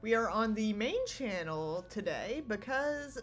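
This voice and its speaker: A woman's voice: a little high, very animated, takes it slowly, pushed and bright, faint music behind. A woman streamer chatting casually with her viewers from home, giggling often and rambling. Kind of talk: casual livestream chat. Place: small home room.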